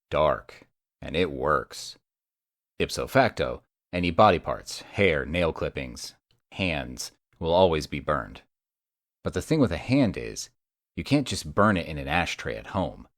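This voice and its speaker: Male audiobook narrator, very low voice, dry sardonic delivery, close dry studio sound. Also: very animated, unhurried, no room sound. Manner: wry and sardonic. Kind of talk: first-person audiobook narration.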